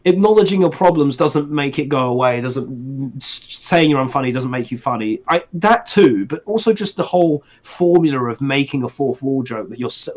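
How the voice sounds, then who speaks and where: A man's voice: medium pitch, animated, normal speed, hardly any pauses. A man co-hosting a casual podcast chat, ranting sarcastically with restarts and laughs. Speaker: podcast co-host.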